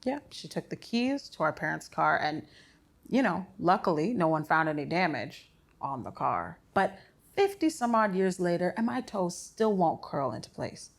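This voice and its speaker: A woman playing a gruff, sardonic old father. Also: on the low side, sing-song, normal speed, heavily acted. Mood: wry. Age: older. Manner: blunt, sardonic, profane storytelling. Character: older sick father, gruff, crude, wry. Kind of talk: stage play acting.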